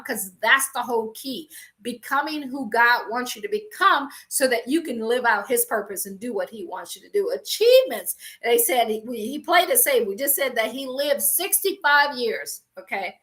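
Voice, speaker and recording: A woman's voice: high-pitched, expressive, normal speed, a bit bright. A woman coaching faith-based business owners in a live-streamed talk, speaking emphatically, repeating lines for effect and slipping into playful mock voices. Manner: emphatic, repetitive, exhorting. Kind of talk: motivational preaching to a live-stream audience. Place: recorded for an online show.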